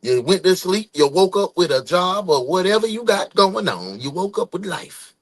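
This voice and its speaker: A man's voice: high voice, normal speed, hardly any pauses, low-quality recording. A man hosting his own show, giving casual, encouraging motivational talk to his viewers. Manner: animated, encouraging. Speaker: host.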